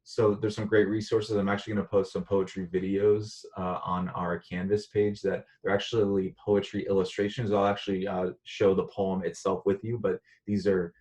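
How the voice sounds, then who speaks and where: A man with a low voice walks students through a recorded online lesson. He talks in a relaxed, conversational way and often pauses with "uh.". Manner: relaxed, conversational, frequent "uh" fillers. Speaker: teacher.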